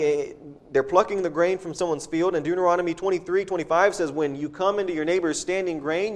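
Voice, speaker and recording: Male preacher, somewhat high pitch, relaxed conversational sermon delivery. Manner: conversational, repeats words, chuckles at points.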